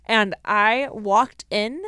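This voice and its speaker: Young woman, podcast co-host, chatty, rambling, mid pitch, dry close mic. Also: extremely slow, pushed and bright, clear, resonant tone, no echo. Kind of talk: casual chat.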